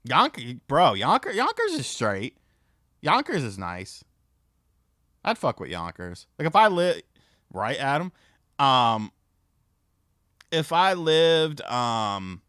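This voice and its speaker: A man chatting on his livestream, his pitch swinging widely as he rambles through stories with plenty of swearing and fillers. His voice is bright and cutting, close to the mic in a dry, dead room. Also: big pitch swings, slow pace, long pauses, no room sound. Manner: rambling, profane, frequent fillers. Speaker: livestream host. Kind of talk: casual stream chat and storytelling.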